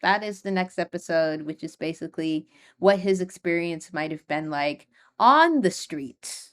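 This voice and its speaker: A woman's voice: lowish voice, animated, measured pace, fairly bright tone. A young woman hosting her own podcast, talking casually and rambling, with many fillers and frequent nervous laughs. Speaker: podcast host. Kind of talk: casual solo podcast talk.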